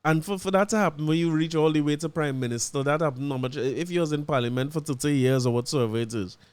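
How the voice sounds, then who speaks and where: A man with a Trinidadian accent hosting his podcast, telling a story in casual chat, animated and laughing as he acts out what people said. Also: a little high, quick pace, smooth, no room sound. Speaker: podcast host.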